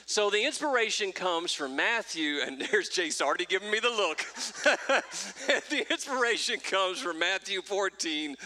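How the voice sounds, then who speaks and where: A man leading a church service as pastor, talking in a playful, joking way and laughing at himself. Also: a little high. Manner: animated and jokey, laughs at himself. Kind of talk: playful church talk to a congregation.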